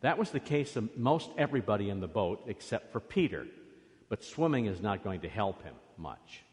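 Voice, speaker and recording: A priest giving a children's sermon in a church, coaxing the children along with lively questions. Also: male voice, fairly low pitch, normal speed. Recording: long reverb of a church.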